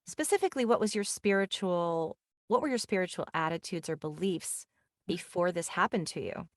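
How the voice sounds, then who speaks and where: A woman's voice: lowish voice, normal speed, no echo, clean studio sound. A woman hosting an interview, affirming her guest and asking open questions. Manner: affirming, encouraging. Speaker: podcast host. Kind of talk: interview chat.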